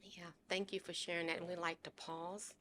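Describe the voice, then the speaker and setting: A woman hosting a podcast, lighthearted and quick to laugh as she explains things to her guest. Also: lowish voice, flat delivery, loud music behind the voice. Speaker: podcast host. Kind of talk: casual interview chat.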